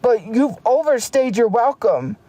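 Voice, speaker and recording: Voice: mid-range voice, lively intonation, measured pace, warm tone, dry recording. A streamer ranting heatedly on a casual livestream, often restarting sentences. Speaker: live streamer.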